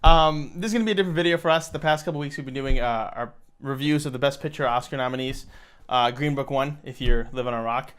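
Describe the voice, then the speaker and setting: A man's voice: mid-range voice, quick pace, fairly bright tone, clean tone. A young man from Buffalo, New York, co-hosting a casual movie chat with dry, teasing jokes. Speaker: co-host.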